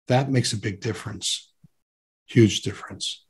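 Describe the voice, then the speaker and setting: A man with a low, husky voice, talking as a guest in an interview. He is earnest and emphatic and leans on repeated words to drive a point home. His delivery stays relaxed and conversational. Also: moderate pace.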